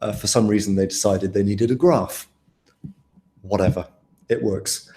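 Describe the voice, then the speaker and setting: A man's voice: lowish voice, steady tone, normal speed, warm tone, echoey room, a little hiss or hum. A young man tutoring students through an exam paper in a casual, chatty way, asking them questions as he goes. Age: young adult. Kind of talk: live online tutoring session.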